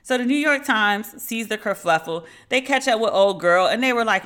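A woman's voice: a little high, expressive, normal speed, few pauses, a bit bright. A woman hosting a podcast, telling a story in a candid, slangy and sardonic way. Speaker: podcast host. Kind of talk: casual storytelling monologue.

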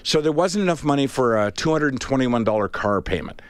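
A man's voice: mid-range voice, lively intonation, fairly quick, no room sound. A man co-hosting a radio talk show, telling a story casually and acting out both sides of the conversation.

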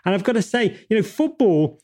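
High-voiced, impassioned man. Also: sing-song, fairly quick, darkish tone. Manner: emphatic, impassioned, rhetorical, swears casually. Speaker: guest. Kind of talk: passionate interview talk.

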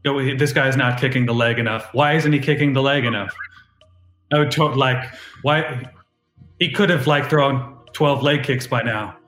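A man's voice: mid-range voice, fairly bright tone, faint music behind, lightly acted. A man speaking as a brash, reckless male fighter in his own voice, rambling with many fillers and restarts. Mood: boastful. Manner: rambling, halting, full of fillers. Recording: roomy echo.

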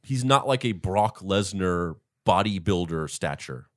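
A man chatting casually on a podcast, opinionated and animated, given to acting out scenes. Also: sits low, unhurried. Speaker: podcast co-host. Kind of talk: casual chat.

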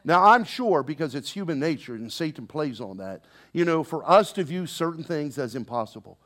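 A middle-aged man delivers a sermon in a fairly high voice that swoops widely up and down. He punctuates with calls to the congregation and builds emphasis phrase by phrase. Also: sing-song, moderate pace, fairly bright tone. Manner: preacherly call-and-response, rising and falling emphasis. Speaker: pastor.

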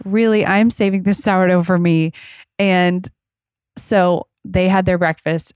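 A woman's voice: on the low side, gravelly, a little mellow, no echo, clean studio sound. A woman in her thirties hosting a casual chat, telling stories in a chatty, giggly way. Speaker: podcast host.

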